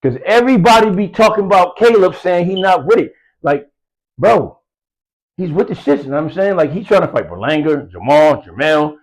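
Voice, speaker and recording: A man's voice: on the high side, sing-song, normal speed, low-quality recording. A man giving casual boxing commentary, rambling with lots of fillers and street slang, from the US East Coast. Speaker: boxing news vlogger.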